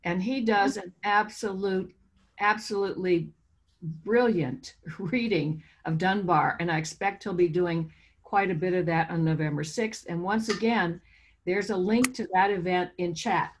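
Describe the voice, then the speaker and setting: A woman's voice: lowish voice, unhurried. Woman hosting an online poetry reading. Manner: chatty and informal, reading out event details. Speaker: bookstore owner hosting a reading. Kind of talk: introducing a virtual poetry reading. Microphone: video call.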